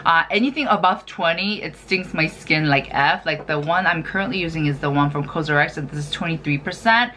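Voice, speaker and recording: Chatty female beauty vlogger, lower register, lively filler-heavy delivery. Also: fairly quick, few pauses, slight background noise. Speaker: skincare vlogger. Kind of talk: casual product review chat.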